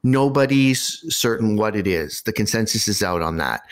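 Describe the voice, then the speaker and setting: A man hosting a podcast, telling a story in a casual, animated way with wry asides. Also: on the low side, moderate pace.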